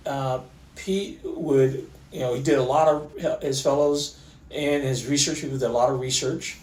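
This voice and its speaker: A middle-aged man, an orthopaedic surgeon, tells stories in a relaxed way, with many fillers and restarts. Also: medium pitch, measured pace, roomy sound, distant mic, poor audio. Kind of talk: conversational storytelling interview.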